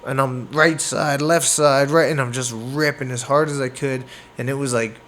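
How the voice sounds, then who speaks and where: A man from Canada, a boxer, telling a fight story in a casual interview, animated and acting out moments with sound words. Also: mid-range voice, normal speed, a little hiss or hum. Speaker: boxer guest.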